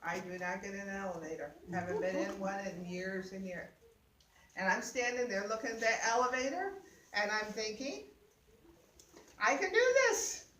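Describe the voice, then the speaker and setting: An older woman telling a lively personal story, laughing often and acting out what people said. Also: mid-range voice, normal speed, a little hiss or hum. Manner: laughing, exclaiming, acts out voices. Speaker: guest sharing a personal story. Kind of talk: animated storytelling. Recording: roomy sound, mic at a distance.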